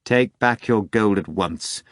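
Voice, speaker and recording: A proud middle-aged doctor gives short, dry orders in a fairly low voice, as a male narrator voices him. The audiobook sound is close and dry. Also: slow pace, no echo. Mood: curt stern. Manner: curt, dry, puzzled.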